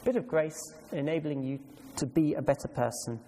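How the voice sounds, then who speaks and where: A man's voice: fairly high pitch, a little fast, dark tone, a little hiss or hum. A man preaching a sermon with emphasis, putting questions to his congregation. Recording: long reverb hall, faint ambience.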